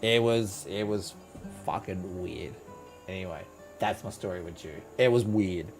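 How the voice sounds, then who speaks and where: A man's voice: low voice, unhurried, gravelly, darkish tone, faint music behind. A man streaming live, telling a rambling, profane story with lots of restarts. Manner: rambling, swears freely, restarts a lot. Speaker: game streamer.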